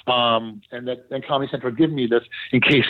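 A man, a TV producer, telling animated, laughing anecdotes in a casual interview, with frequent fillers. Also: medium pitch, quick pace, dry recording, phone-quality sound. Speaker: TV producer, guest.

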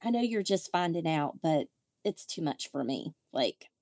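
A woman's voice: low-pitched, sing-song, normal speed, darkish tone, dry recording, studio quality. A woman hosting a podcast, telling candid, wry stories in casual chat and acting out what others said. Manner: candid, wry storytelling with quoted voices. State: widow. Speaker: podcast host.

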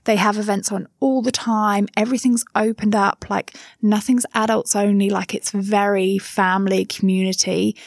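A woman from England speaks with a southern English accent, her thirties voice carrying a gravelly edge. She talks in a chatty, frank way and laughs easily. The sound is dry and close. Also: medium pitch, flat delivery, normal speed, few pauses, dry recording. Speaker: interviewee, mother living abroad. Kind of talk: casual interview chat.

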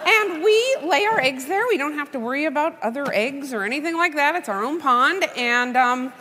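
A woman comedian telling a comic story on stage, animated and wry, with playful asides. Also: sits high, normal speed. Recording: live hall reverb, faint noise.

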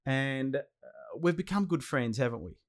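A man's voice: mid-range voice, animated, moderate pace. An Australian man hosting a casual podcast interview, enthusiastic and slangy, often repeating himself. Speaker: podcast host.

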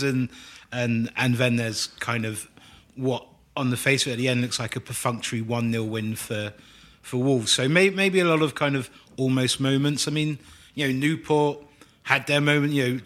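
A man with a bright, forward tone and a mid-range pitch talks through the weekend's football. He speaks in a wordy, thoughtful way and likes playful turns of phrase. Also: fairly even intonation, normal speed. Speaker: podcast co-host. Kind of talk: casual football chat.

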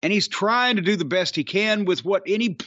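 A man's voice: sits high, fairly quick, sharp tone, no echo, muffled recording. A man hosting a podcast, ranting bluntly and profanely about wrestling with an exasperated manner. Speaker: podcast host.

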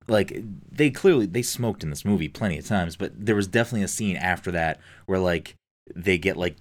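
A man with a very low, deep voice talking in a loose, casual podcast chat. He is enthusiastic and swears constantly, with lots of filler words between his points.

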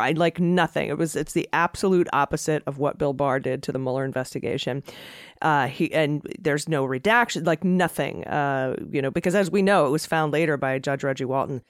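A woman's voice: deep voice, brisk, no room sound, clean studio sound. A woman hosting a political podcast in casual chat, wry and sardonic, with frequent fillers. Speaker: podcast host.

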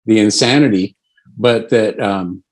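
A man's voice: fairly low pitch, a little slow. A man co-hosting a podcast, chatting casually and making wry asides.

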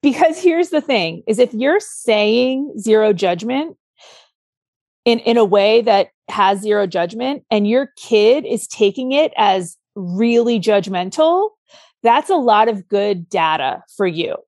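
A woman's voice: mid-range voice, animated, slow pace, a little mellow, dry recording. Earnest woman giving parenting advice. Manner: earnest, explains with examples, acts out a child's outburst. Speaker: podcast co-host. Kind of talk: casual advice chat.

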